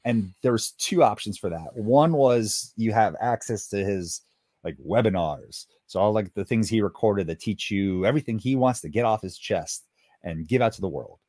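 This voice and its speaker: A man's voice: on the low side, expressive, moderate pace, darkish tone, no room sound, studio quality. A man co-hosting a podcast in casual chat, explaining things in an upbeat way. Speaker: podcast co-host.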